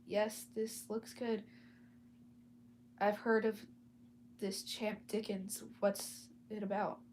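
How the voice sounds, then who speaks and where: A woman's voice: mid-range voice, flat delivery, takes it slowly, a little mellow, a little hiss or hum, close to an everyday voice. A woman voicing a charming, easygoing young man in a read-aloud story.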